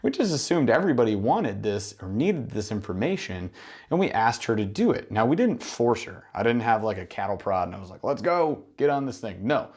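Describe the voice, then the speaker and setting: A man's voice: on the low side, very animated, a little fast, darkish tone, husky. A man coaching gym owners in a monologue, emphatic and full of rhetorical questions and acted-out exchanges. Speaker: business mentor for gym owners. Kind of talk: instructional monologue.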